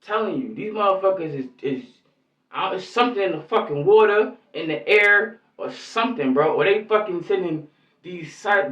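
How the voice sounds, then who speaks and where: A man's voice: high-pitched, a bit bright. A man giving angry, rambling vlog commentary in heavy street slang, cursing constantly. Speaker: YouTube commentator. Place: lives in New York. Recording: echoey, distant, muffled lo-fi sound.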